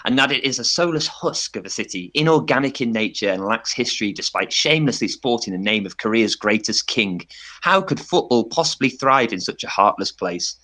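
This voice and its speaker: Bright-sounding guy doing a jokey pitch on a podcast, laughs a lot. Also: expressive, a little fast. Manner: playful, tongue-in-cheek, laughs often. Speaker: podcast panelist. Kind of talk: mock campaign pitch.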